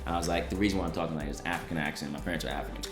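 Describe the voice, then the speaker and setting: A man's voice: rumbling low, steady tone, racing, roomy sound, soft background music. A young man co-hosting a couple's vlog, chatting casually and playfully. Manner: playful, laughs often. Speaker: vlog co-host. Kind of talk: casual chat.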